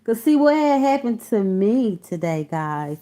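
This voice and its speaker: A woman chats loosely on her live stream, her voice sitting in an ordinary middle pitch. She talks bluntly and swears freely, calling her viewers honey and baby as she answers the comments. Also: sing-song, measured pace, dark tone. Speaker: livestream host reading viewer comments. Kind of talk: casual live-stream chat. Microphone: phone or computer mic.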